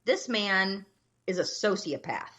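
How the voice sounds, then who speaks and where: A woman's voice: mid-range voice, expressive, slow, fairly bright tone. A woman co-hosting a podcast, ranting in casual chat and swearing freely. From United States. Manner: profane, ranting. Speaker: podcast co-host.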